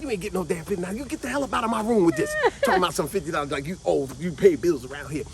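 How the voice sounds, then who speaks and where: A man's voice: very high-pitched, expressive, fast, over a noisy crowd, voice pushed up. A man voicing an angry aunt who scolds and curses at a child. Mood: scornful. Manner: scolding and shouting, profane. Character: angry, cursing aunt, a grown woman.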